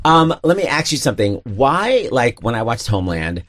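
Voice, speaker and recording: A man's voice: mid-range voice, very animated, normal speed, a bit bright, no echo. A middle-aged man hosting a radio interview, campy and teasing, who keeps slipping into mock voices. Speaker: radio show host. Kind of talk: playful theatrical interview.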